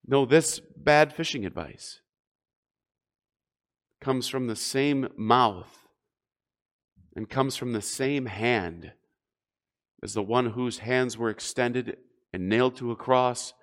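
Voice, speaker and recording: A man's voice: mid-range voice, slow pace, long pauses. A man preaching a sermon as a pastor, emphatic and rising and falling in force.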